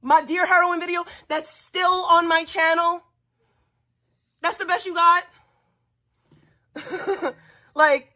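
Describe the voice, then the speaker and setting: High bright taunting New woman. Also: fairly even intonation, slow, pauses often. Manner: taunting, profane, repetitive. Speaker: streamer. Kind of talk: angry livestream rant. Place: at home.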